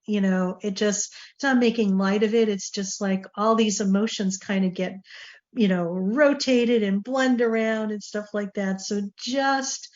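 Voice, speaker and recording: A woman's voice: mid-range voice, a little mellow, muffled recording. A woman hosting a talk show, speaking in a chatty, rambling way with plenty of fillers. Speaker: show host. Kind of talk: casual talk-show monologue.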